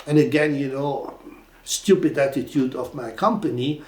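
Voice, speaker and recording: An older Belgian man with a Flemish accent, interviewed, tells anecdotes in an animated, rambling way, full of fillers and restarts. His voice is mid-range at a moderate pace, captured in a roomy, reverberant space with noticeable echo.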